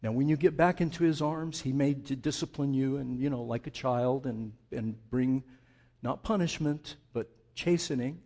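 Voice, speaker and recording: A male pastor preaching a sermon in a conversational, animated way, asking his listeners rhetorical questions and often restarting his sentences. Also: mid-range voice, moderate pace.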